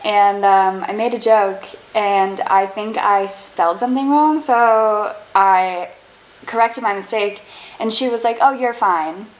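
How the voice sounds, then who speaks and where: A young woman from Canada, telling quick, self-deprecating stories about embarrassing moments in a casual storytime vlog. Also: medium pitch, fairly even intonation, rough recording. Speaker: vlogger.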